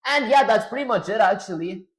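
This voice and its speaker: A man's voice: sits high, lively intonation, a little fast. A man hosting a programming livestream, chatting casually, narrating his own steps and answering questions from the chat. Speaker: livestream host.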